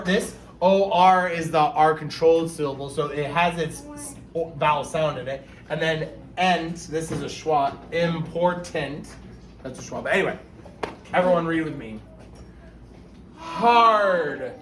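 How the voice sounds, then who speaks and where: A male teacher giving a phonics lesson to young children, patiently sounding out words step by step. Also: fairly high pitch. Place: classroom. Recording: echoey room with faint noise.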